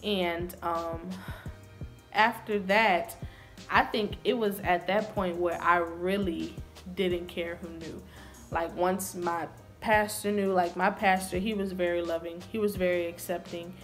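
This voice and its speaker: Young woman vlogger, earnest personal storytelling, slow and a bit low-pitched. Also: steady tone, faint music behind. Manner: earnest and confessional.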